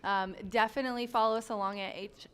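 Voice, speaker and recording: A woman's voice: fairly high pitch, steady tone, quick pace, a bit bright, smooth. A woman hosting a horse racing show, chatting in an upbeat way and laughing often. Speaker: racing program host and handicapper. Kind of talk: casual chat.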